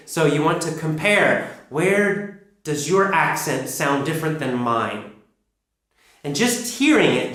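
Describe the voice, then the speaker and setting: Male English teacher, emphatic coaching delivery, slightly high, heavy room echo. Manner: energetic, emphatic, repetitive coaching. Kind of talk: instructional explanation. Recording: very echoey room.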